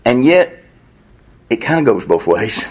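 A man preaching a sermon in a conversational way, acting out the quotes and chatting with the listeners. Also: unhurried. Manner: animated, acts out quotes with rising pitch; conversational, with laughs and audience asides. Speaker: pastor.

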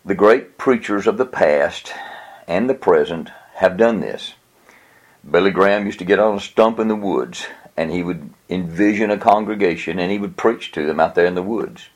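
Husky low-voiced man teaching preachers. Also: normal speed. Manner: earnest, plain-spoken, chuckles now and then. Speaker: preaching instructor. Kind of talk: numbered teaching talk on preaching.

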